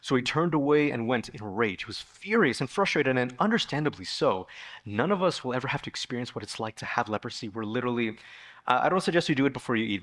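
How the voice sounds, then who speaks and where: Man, preacher, sermon, church, mid-pitched, lively storytelling, acts out figures. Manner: animated storytelling, acting out the figures with sudden raised pitch. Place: church sanctuary.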